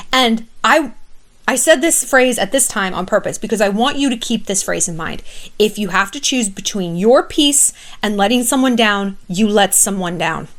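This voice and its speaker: A woman vlogger giving blunt, emphatic friendship advice to camera in a casual monologue, swearing freely. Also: medium pitch.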